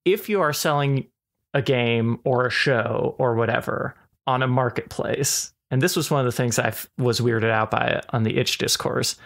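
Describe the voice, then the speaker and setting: A man talks through his point on a casual podcast, stopping and starting as he works it out. His pitch sits in the middle of the usual range for a man. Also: vocal fry, fairly bright tone. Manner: halting, thinks aloud with many restarts. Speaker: podcast co-host.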